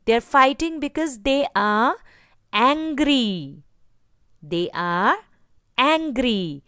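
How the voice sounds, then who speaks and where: A woman's voice: on the high side, fairly bright tone, dry recording, clean studio sound. A woman teaching a kindergarten class in Indian English, asking the children many questions and having them repeat each word after her. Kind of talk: slow, sing-song teaching to young children.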